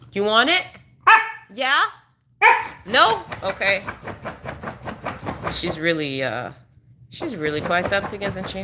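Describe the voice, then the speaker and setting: A woman's voice: medium pitch, pushed and bright, a little hiss or hum. A woman chatting casually on a live stream at home, coaxing her dog in a sing-song voice between remarks. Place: indoor room at home.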